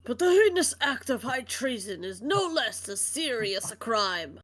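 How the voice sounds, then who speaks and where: A woman voicing a stern elderly male judge in a fan voice-acted game stream, with formal, solemn, drawn-out pronouncements. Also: fairly high pitch, very animated, fairly bright tone, exaggerated voice, rough recording. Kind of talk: amateur voice acting on a stream.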